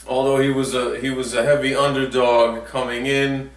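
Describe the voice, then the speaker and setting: A man giving a chatty, jokey recap of a boxing match as a vlogger. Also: medium pitch. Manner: chatty and jokey, with many fillers. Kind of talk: casual sports recap. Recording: echoey room, mic at a distance.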